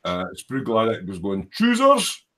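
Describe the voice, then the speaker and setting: Lively husky man hosting a chatty stream. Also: mid-range voice. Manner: jokey, rambling, quick to laugh. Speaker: livestream host. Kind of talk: casual chat, reading out live comments. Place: home hobby workshop.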